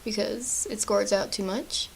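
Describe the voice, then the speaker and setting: A woman's voice: medium pitch, steady tone, unhurried, gravelly, slight background noise, rough recording. A young woman chatting casually through a makeup tutorial at home, apologetic and self-deprecating. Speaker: beauty vlogger.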